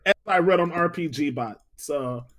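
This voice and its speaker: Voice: medium pitch, moderate pace, a crowd in the background. A player casually thinking aloud while planning a game character.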